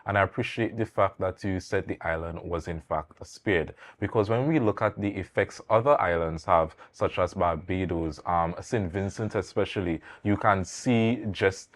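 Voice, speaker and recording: A male host, thanking his guest and asking measured follow-up questions on a morning show. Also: low-pitched. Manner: brief acknowledgements, measured questions.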